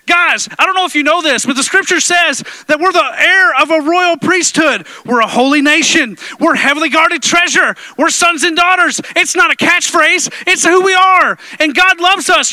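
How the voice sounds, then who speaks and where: A man's voice: pushed and bright, dry recording. A man preaching a sermon to his congregation in church, playful and joking with the room. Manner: playful, jokes with the congregation, drops into deep impressions. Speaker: pastor. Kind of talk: energetic sermon. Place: church sanctuary.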